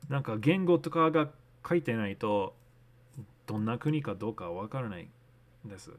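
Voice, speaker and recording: A man's voice: medium pitch, animated, fast. Casual man streaming, thinking aloud. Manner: thinking aloud, mixing English and learner Japanese. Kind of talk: casual live-stream commentary.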